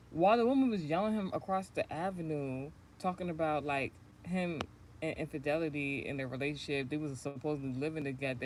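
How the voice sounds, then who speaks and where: A woman's voice: low-pitched, slight background noise. Rambling, profane woman telling a story. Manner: rambling, profane, laughs often. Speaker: spiritual channel host. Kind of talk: casual livestream storytelling.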